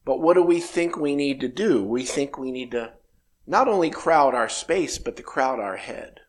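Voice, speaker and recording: A man in his fifties speaking in a reflective, meandering way about spiritual ideas. His voice sits at an ordinary pitch, and he slips into acted-out back-and-forth dialogue. He sounds unhurried and thoughtful. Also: lively intonation. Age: 50s.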